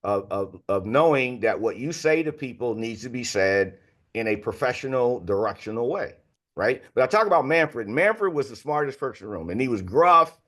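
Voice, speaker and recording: Appearing as a guest author on a podcast, a man in his sixties shares candid stories in a loose way, with lots of fillers. He has a mid-range voice that sounds a bit bright.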